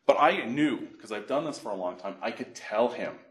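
A middle-aged man from Canada, a financial educator giving a workshop, telling animated stories and acting out phone calls. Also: mid-range voice, moderate pace. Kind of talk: workshop presentation with anecdotes. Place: library meeting room. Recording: echoey room.

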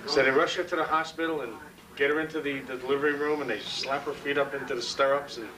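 A man telling a joke at a party, animated, doing the characters' voices. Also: mid-range voice, quick pace, crowd noise. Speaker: joke teller. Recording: far-off camcorder mic with room noise.

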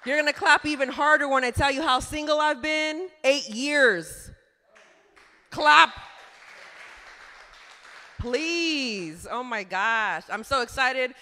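A woman's voice: high voice, slow pace, long pauses, bright, forceful tone. Woman doing stand-up, chatty and laughing at her own bits, long echo in the club. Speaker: stand-up comedian. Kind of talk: stand-up comedy set. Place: comedy club stage. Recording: reverberant club room.

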